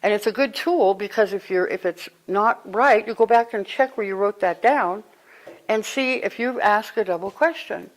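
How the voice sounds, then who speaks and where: A woman of medium pitch leads a spiritual talk before a live group. She speaks in a loose, conversational way. She tells stories and bursts into lively exclamations. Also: moderate pace, low-quality recording. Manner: animated, conversational, storytelling with sudden exclamations. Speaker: spiritual teacher.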